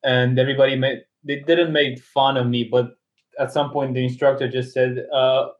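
A man chatting casually, telling a story in a relaxed way and animated when quoting others. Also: mid-range voice, normal speed. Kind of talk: casual chat. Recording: slightly dull lo-fi sound.

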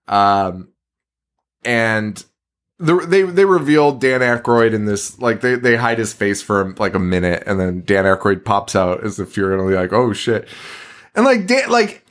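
A man's voice: on the low side, big pitch swings, unhurried, a bit bright. A man co-hosting a podcast in a basement, retelling a movie in casual chat, laughing often and swearing freely. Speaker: podcast co-host.

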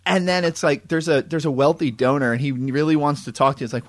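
A man recaps a film plot for his co-hosts in a loose, chatty way. His voice sits a little high, and he jumps in and out of quoted lines with plenty of fillers. The tone is animated and conversational. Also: fairly quick, hardly any pauses. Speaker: podcast co-host. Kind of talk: casual movie review chat.

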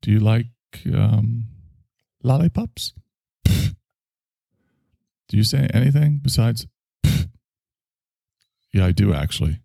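A man hosts a casual solo chat show, rambling through sarcastic asides and heavy sighs. His low voice is gravelly and dark, with lively swings in pitch, recorded close and dry. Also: unhurried, pauses often, dry recording. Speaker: host.

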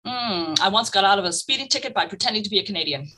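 A woman speaking as a guest expert in an interview, talking in an energetic, emphatic way. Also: mid-range voice, very fast, low-quality recording. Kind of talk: casual interview conversation.

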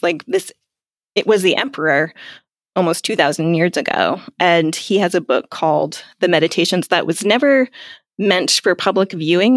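A woman's voice: lowish voice, no room sound, clean studio sound. A woman speaking as a guest in a casual interview, chatty, with many fillers and frequent laughs. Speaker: guest, clarity coach.

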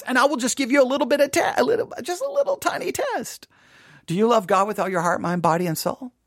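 A man's voice: high-pitched, huge pitch swings, moderate pace, no echo, studio quality. A man leading a Bible study, talking in a provocative, sarcastic, challenging way. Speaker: Bible teacher. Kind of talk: animated Bible study teaching.

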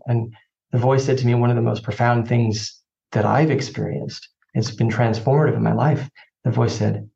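A man's voice: medium pitch, moderate pace, vocal fry, warm tone. A man as a podcast guest, telling a personal story in an earnest, reflective way with frequent restarts. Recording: slightly dull lo-fi audio.

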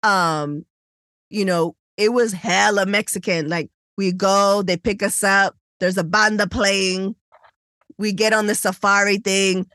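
A woman's voice: mid-range voice, unhurried, dry recording, clean studio sound. A woman co-hosting a podcast, telling a story in casual chat and acting out the people in it. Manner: animated storytelling, acts out quoted people. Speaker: podcast co-host.

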